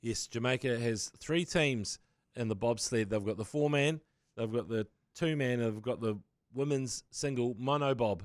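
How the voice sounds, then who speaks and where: A man's voice: medium pitch, moderate pace, dry recording, studio quality. A man with a New Zealand accent co-hosting a casual podcast, rambling with crude humor. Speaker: podcast co-host.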